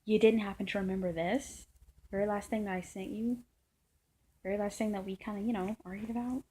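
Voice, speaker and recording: A woman's voice: mid-range voice, steady tone, fairly quick, mellow, slightly rough, rough recording. A woman vlogging a long, rambling personal story in a frustrated tone, full of fillers and restarts. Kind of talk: casual storytelling monologue.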